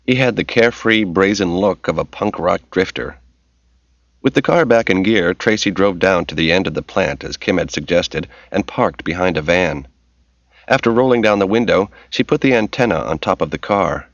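A man narrating an audiobook in a steady, measured reading voice. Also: low-pitched, dry recording. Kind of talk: scripted narration. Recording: dull lo-fi recording.

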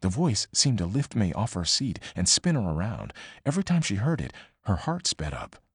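A man with a lowish voice narrates fiction in a measured, expressive reading, his pitch rising and falling with animation. The recording is dry and close to the mic, with no room echo. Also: husky. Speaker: audiobook narrator. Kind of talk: scripted narration.

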